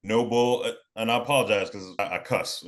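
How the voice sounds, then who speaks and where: A man's voice: on the low side, steady tone, a little fast. A young man from New York telling a personal story in a laid-back, casual way, often repeating and restarting phrases. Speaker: podcast guest.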